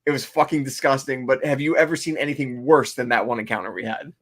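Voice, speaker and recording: A man's voice: medium pitch, fairly even intonation, fast talker, a bit bright. Profane ranting man co-hosting. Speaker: co-host. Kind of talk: casual podcast chat.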